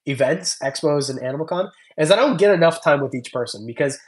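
A man's voice: a little high, expressive, quick pace. Chatty young man hosting a live stream. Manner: rambling, chatty, thanks viewers by name. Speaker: reptile channel host. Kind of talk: casual livestream chat reading comments.

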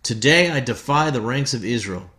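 A man's voice: medium pitch, expressive, normal speed, bright, forceful tone. A man reading the lines of a menacing giant warrior in a raised, taunting voice.

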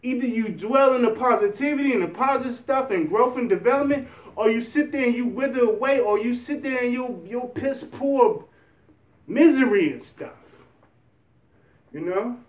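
A young vlogger with a fairly high voice delivers motivational talk at a normal speed, rambling earnestly and encouragingly while restarting sentences often. He's positioned away from the microphone, so the room echo is noticeable.

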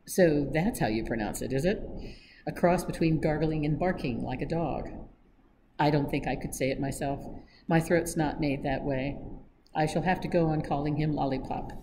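A woman's voice: sits low, normal speed, noisy background. A woman reading a flippant, mocking Englishman. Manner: flippant, teasing. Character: breezy, mocking young Englishman adventurer.

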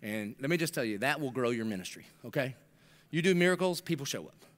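A man's voice: mid-range voice, expressive, fast talker. A middle-aged man preaching a sermon, telling stories animatedly and acting out the voices in them with slangy jokes. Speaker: pastor.

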